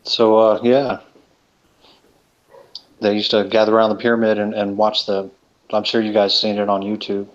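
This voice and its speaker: A man's voice: fairly low pitch, monotone, moderate pace, long pauses. A man chatting casually on a live stream, rambling and hesitant, with plenty of fillers. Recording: dull lo-fi stream audio.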